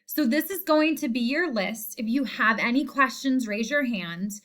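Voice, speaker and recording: A woman teacher explaining a spelling sort in a slow, clear, patient way. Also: on the high side, fairly bright tone. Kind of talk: recorded spelling lesson.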